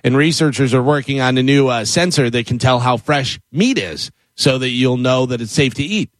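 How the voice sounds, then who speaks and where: A man's voice: medium pitch, normal speed, no room sound. A man in casual show chat, rambling through a story and acting out the people in it. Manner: rambling storyteller, retells with quoted voices. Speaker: co-host.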